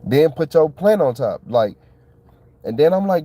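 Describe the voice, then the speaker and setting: Excitable man rambling in slang. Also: fairly high pitch, moderate pace, husky, no echo. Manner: excitable, colloquial, repeats himself. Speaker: channel host. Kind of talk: casual rambling monologue.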